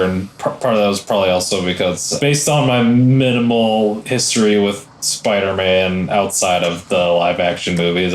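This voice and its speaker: A man's voice: on the low side, roomy sound, slight background noise, rough recording. A man co-hosting a podcast, talking hesitantly with ums and restarts. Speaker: podcast co-host. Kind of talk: casual chat.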